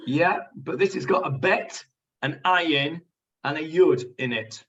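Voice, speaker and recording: Bright chatty rabbi on a muffled call. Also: male voice, a little high, slow, recorded from a distance. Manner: chatty, explains Hebrew words to students. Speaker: rabbi teaching a Talmud class. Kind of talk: online Talmud lesson. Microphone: video call. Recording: dull lo-fi call audio from off-mic.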